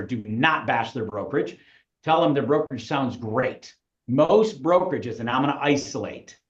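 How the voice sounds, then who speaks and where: A man's voice: mid-range voice, reverberant, lo-fi sound. A man coaching real estate recruiters in a live webinar, with an emphatic, punchy delivery.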